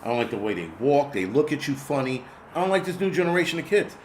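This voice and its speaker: A man's voice: mid-range voice, big pitch swings, quick pace, a little hiss or hum. A middle-aged man hosting a casual livestream, ranting bluntly with lots of swearing and reading viewer comments. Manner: profane, blunt, rambling rant.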